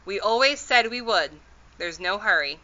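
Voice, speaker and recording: A woman's voice: mid-range voice, animated, moderate pace, pushed and bright, lo-fi sound. A woman voicing an elderly tiny borrower father who speaks in rustic, ungrammatical phrases in a storybook read-aloud. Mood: explaining. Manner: rustic ungrammatical speech, rambling and reassuring.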